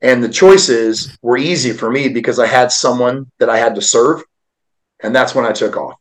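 A man in his forties speaks as a podcast guest, sharing his life story in an earnest, heartfelt way. His voice sits in an ordinary middle pitch, and his delivery swings between hushed and forceful like a motivational speaker. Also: normal speed, low-quality recording. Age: 40s. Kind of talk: emotional personal storytelling.

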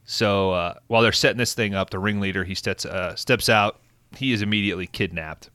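A man's voice: lowish voice, a little fast, pushed and bright, clean tone, no echo. A man casually recapping a movie plot on a podcast, laid-back and profane, with lots of fillers. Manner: laid-back, swears often, frequent fillers. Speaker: podcast host recapping a film.

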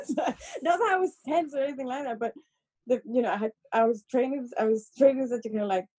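A woman's voice: high voice, lively intonation, fast talker, mellow, breathy edge. A Spanish-born woman whose English carries a Scottish lilt, chatting as a podcast guest, laughing often and rambling with restarts. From Spain. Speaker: podcast guest, focus puller. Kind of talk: casual interview chat.

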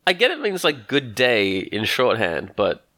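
A man's voice: mid-range voice, huge pitch swings, a little slow, pushed and bright, no echo. A man with an Australian accent, chatting casually as a podcast co-host, wry and joking, often laughing. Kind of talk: casual chat.

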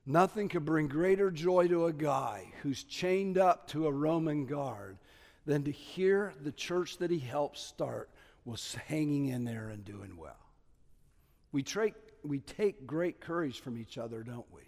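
A man preaching a sermon as pastor, stressing key words loudly and dropping to quiet asides. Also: a little high, animated, unhurried, gravelly, in a large hall. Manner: emphatic, swings between loud stresses and quiet asides.

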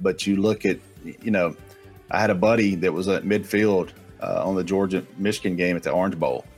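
A man, a guest analyst confidently rattling off football names and stats. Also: sits low. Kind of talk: casual sports talk.

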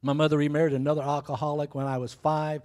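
A man in his sixties, a pastor giving a lively church sermon and welcome, jokey and exuberant with sudden whoops. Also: fairly high pitch, fast talker. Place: church sanctuary.

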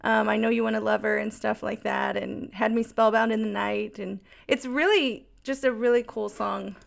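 A woman's voice: fairly high pitch, fairly even intonation, normal speed, creaky. A woman co-hosting a podcast, chatting casually about songs with lots of filler words. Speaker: podcast co-host.

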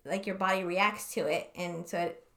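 A woman's voice: fairly low pitch, steady tone, normal speed, bright, forceful tone. A young woman co-hosting a podcast in casual chat, rambling and swearing, often stopping to hunt for words. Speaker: podcast co-host.

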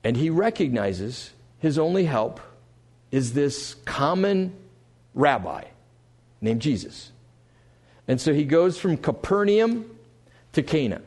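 A man preaching a sermon to a congregation, swinging between loud emphasis and quiet asides. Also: fairly high pitch, very animated, slow, pauses often, breathy edge. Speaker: pastor. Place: church sanctuary before a congregation.

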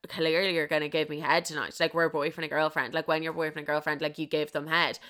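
A woman's voice: low voice, level tone, quick pace, a bit bright, voice pushed down. A woman with an Irish accent voicing a crude, pushy teenage boy in a blunt, dismissive way.

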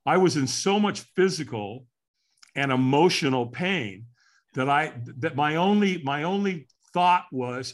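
A man's voice: fairly high pitch, animated, unhurried. Earnest older man telling his story. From California. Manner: earnest, candid, voices his past self's thoughts. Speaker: interview guest. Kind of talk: personal storytelling interview.

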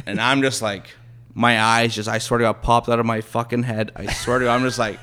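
A man's voice: mid-range voice, little pitch movement, brisk, pushed and bright, slight background noise. Rambling Canadian guy telling stories. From Thunder Bay, Ontario, Canada. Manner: rambling, restarts with "so anyways", acts out quotes. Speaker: podcast guest. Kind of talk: casual storytelling.

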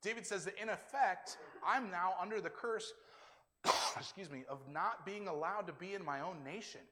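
A man preaching to his church, casual and conversational, slipping into the voices of the people he quotes. His voice sits a little high, and a long reverberant tail hangs behind it as in a large sanctuary. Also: normal speed, bright, forceful tone. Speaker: pastor. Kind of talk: sermon.

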